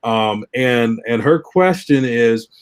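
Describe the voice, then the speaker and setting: A man's voice: medium pitch, animated, slow, smooth. A young adult man moderating a panel discussion, posing questions in a thoughtful, somewhat hesitant way.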